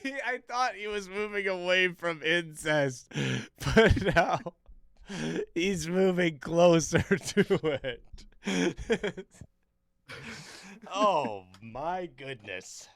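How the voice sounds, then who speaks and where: A man's voice: high-pitched, lively intonation, drawn-out words, fairly bright tone, dry recording, studio quality. A man streaming a reaction to a video, laughing, swearing and reacting in disbelief as he chats with viewers. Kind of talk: casual reaction chat.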